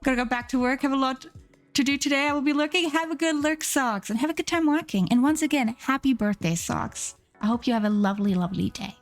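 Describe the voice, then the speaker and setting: Gushing, excitable young woman streamer. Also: high voice, fast talker, soft background music. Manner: gushing, excitable, swears casually. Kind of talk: casual live stream chat.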